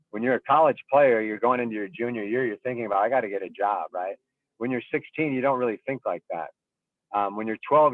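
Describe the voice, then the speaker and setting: A baseball coach and scout in a casual panel discussion, explaining thoughtfully with everyday examples and frequent ums. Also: male voice, fairly low pitch, no room sound. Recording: tinny phone-like line, dry.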